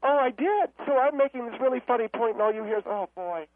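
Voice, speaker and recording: A man's voice: very high-pitched, expressive, fast talker, dry recording, pitched above the performer's own voice. A man voicing a brash, scornful woman commentator who phones in and needles everyone. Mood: mocking. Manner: mocking, combative, needling. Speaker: caller. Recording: tinny phone line.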